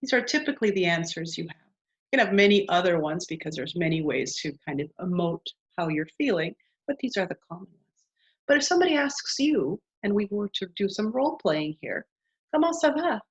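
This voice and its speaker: A woman's voice: fairly low pitch, very animated, a little fast, slightly rough. A woman teaching a beginner language lesson, patiently modeling phrases and asking the listener to repeat them. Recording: dull lo-fi sound.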